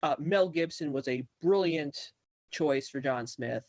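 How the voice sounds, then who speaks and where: A guest on a podcast speaking in a fairly high voice over a muffled, lo-fi connection that sounds dry. He makes his points earnestly in short, firm sentences. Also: a little slow, dry recording. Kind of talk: casual chat.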